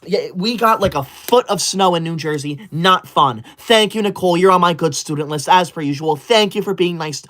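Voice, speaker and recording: A man's voice: sits high, normal speed, few pauses, fairly bright tone. A man playing a touchy, rule-obsessed young male livestreamer in a comedic parody, talking in a prim, stiffly formal, scolding way.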